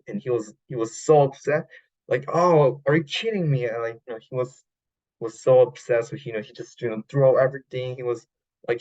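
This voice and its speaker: Halting man retelling a film. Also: fairly low pitch, a little mellow, lo-fi sound. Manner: halting, many fillers and restarts, non-native grammar. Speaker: podcast host. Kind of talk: casual retelling of a film plot.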